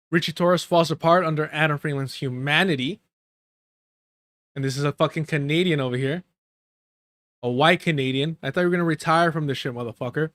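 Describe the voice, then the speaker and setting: A man's voice: a little high, fairly bright tone, no room sound, studio quality. Profane, mocking male live-stream reactor. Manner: profane, mocking, bursts of laughter.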